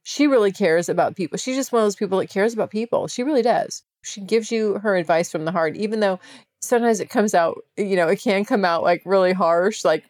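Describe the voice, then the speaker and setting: A chatty woman hosting her podcast solo, speaking frankly and laughing easily. Her voice sits in a middle pitch range. It is recorded close on a mic with a dry sound and no room echo. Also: a little fast, darkish tone. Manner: chatty and candid, with laughs and swearing. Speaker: podcast host. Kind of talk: casual solo podcast monologue.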